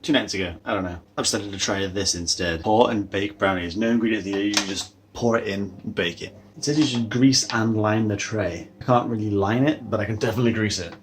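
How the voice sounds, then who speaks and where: A man's voice: on the low side, brisk, few pauses, slight background noise. Chatty British man touring his home. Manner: chatty, rambling, exclaims and laughs at himself. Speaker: vlogger. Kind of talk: casual vlog tour. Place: a house, indoors.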